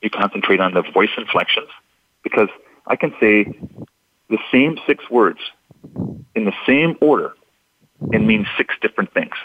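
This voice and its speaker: A man's voice: fairly low pitch, animated, moderate pace, pauses often, narrow, tinny audio, slight background noise. A man explaining clues in how people speak, as an interview guest, in a patient and methodical way that repeats key points. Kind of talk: instructive radio interview.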